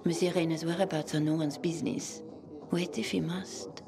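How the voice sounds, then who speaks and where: An actress playing a haughty gatekeeper with a French accent who speaks in a clipped, disdainful way. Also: female voice, low-pitched, fairly even intonation, moderate pace, gravelly, over music. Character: haughty woman guarding her boss.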